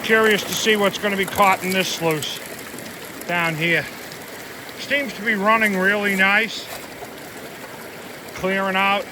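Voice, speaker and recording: Guy with a highish voice filming himself at the river, chatty and easygoing, water rushing loud behind him. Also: fairly even intonation. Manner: chatty, easygoing, talks while eating and working. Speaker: vlogger, gold prospector. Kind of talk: casual outdoor vlog narration. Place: outdoors by a river. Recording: loud river noise outdoors.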